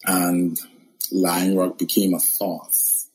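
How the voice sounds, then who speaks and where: Low husky man telling his story. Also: takes it slowly, poor audio. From the Bahamas. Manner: expressive, laughs often, acts out quoted voices. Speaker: guest. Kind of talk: casual interview, storytelling.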